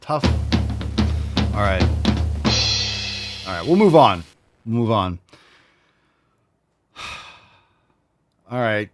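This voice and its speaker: A podcast host with a low-pitched male voice, rambling through casual chat. He swears freely and jokes as he goes, jumping from tangent to tangent. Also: very animated, very slow, long pauses, faint music behind. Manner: rambling, profane, jokey.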